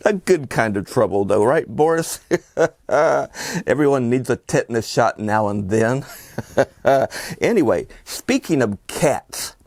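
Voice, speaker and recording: Chuckling slow-talking horror host man. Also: mid-range voice, expressive, a little mellow, no room sound. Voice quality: chuckling often, rambling. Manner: theatrical spooky greetings. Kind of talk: hammy horror-host introduction.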